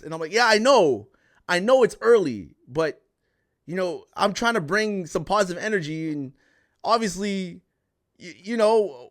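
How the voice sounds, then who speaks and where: Male podcast host, a fairly high voice, loud and animated, repeats his points, casual livestream chat. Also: normal speed.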